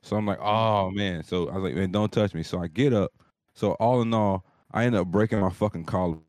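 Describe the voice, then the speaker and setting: Male, very low voice, dry close sound, profane animated storyteller, casual. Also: brisk, no room sound. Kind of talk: casual storytelling on a live show.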